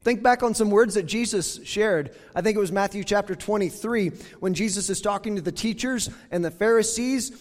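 A man's voice: high voice, moderate pace, few pauses, in a large hall. A man preaching a sermon in a conversational way, reading scripture aloud with emphasis. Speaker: pastor.

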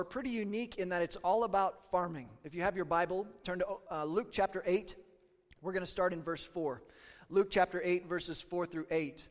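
A pastor from Kansas preaching a sermon to a congregation in a folksy, conversational way with fillers. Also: male voice, high voice, long reverb tail. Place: church sanctuary.

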